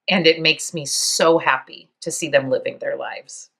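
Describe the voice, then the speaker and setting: A woman in her fifties hosting a podcast, speaking in a reflective, halting way, close to tears and laughing softly now and then. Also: low-pitched, vocal fry. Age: 50s. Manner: soft, halting, near tears, with small laughs. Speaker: podcast host. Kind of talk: reflective personal monologue.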